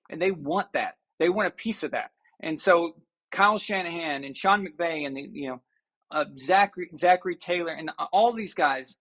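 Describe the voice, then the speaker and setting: A man hosting a sports talk show rants sarcastically and does mocking impressions. His voice sits high and is a bit bright.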